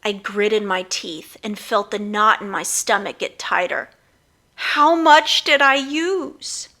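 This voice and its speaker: A woman's voice: mid-range voice, takes it slowly. A woman narrating her own children's book as an audiobook, reading expressively. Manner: expressive storytelling.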